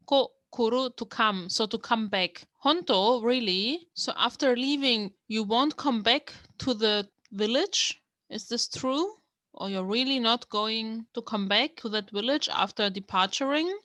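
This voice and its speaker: A woman's voice: fairly high pitch, a bit bright, dry recording, studio quality. Woman explaining word by word. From Germany. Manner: explains word by word, thinking aloud. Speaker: language learner teaching from a manga. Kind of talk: casual step-by-step language lesson.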